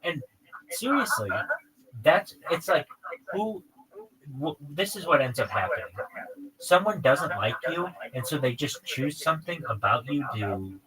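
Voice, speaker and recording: A man's voice: on the high side, big pitch swings, measured pace, rough recording. A man live streaming, talking casually in a profane, rambling, exasperated rant. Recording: crowd chatter in background.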